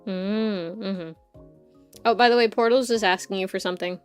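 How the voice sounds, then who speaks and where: A woman's voice: medium pitch, fairly even intonation, normal speed, clean tone, faint music behind. A young woman in casual chat, mostly reacting with short interjections and laughs.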